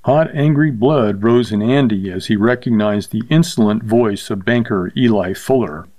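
Male audiobook narrator, measured and even, dead-dry recording. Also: lowish voice, dry recording.

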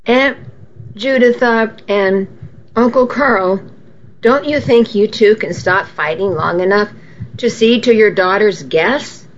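A woman's voice: mid-range voice, takes it slowly. A woman reading aloud and voicing a timid young woman who is the bride's cousin, on a dull lo-fi recording.

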